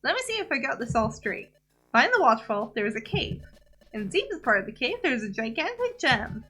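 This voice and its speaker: A woman's voice: on the high side, sing-song, a little fast, sharp tone, breathy edge, faint music behind, heavily acted. A woman voicing a fussy, pompous male parrot assistant in a game, speaking in a prim, emphatic way. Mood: questioning.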